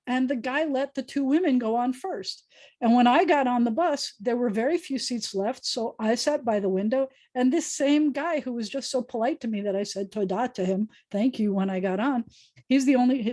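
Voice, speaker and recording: A woman's voice: on the high side, normal speed, warm tone, no room sound. An American woman rabbi teaching a Hebrew class over a video call, chatty, telling stories with frequent restarts. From United States. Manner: chatty, storytelling, self-correcting. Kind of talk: online class lesson.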